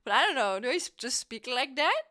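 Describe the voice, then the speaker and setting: Giggly high-pitched young woman streamer. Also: big pitch swings, a little fast, bright, forceful tone. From Germany. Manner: giggly, laughs often, rambling and playful. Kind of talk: casual live-stream chat with viewers.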